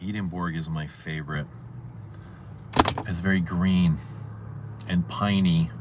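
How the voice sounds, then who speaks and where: Taking things slowly, this man hosts a fragrance livestream and casually reads out viewer comments, rambling and repeating himself while answering questions. His voice is low and his tone stays steady. Heavy background noise sits under the recording.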